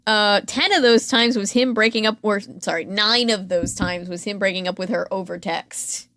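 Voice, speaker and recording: A woman's voice: mid-range voice, steady tone, normal speed, fairly bright tone, no room sound. A woman co-hosts a casual podcast, retelling a reality show with a dry, sarcastic edge and plenty of fillers. Her voice sits in an ordinary middle range. The recording is close and dry, with no room sound. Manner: chatty, sarcastic storytelling with frequent fillers. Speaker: podcast co-host.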